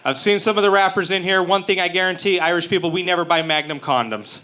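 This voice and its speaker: Profane stand-up comic, man from Utah, bright forceful tone, a touch higher than most. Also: fast talker, a little hiss or hum. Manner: crude, profane, brash joking. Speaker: stand-up comedian. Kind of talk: stand-up comedy set. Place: open mic stage before a live crowd.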